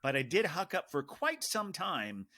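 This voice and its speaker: A man co-hosting a podcast in casual chat, chatty, with quick stuttering restarts. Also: a little high, huge pitch swings, bright, forceful tone. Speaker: podcast co-host.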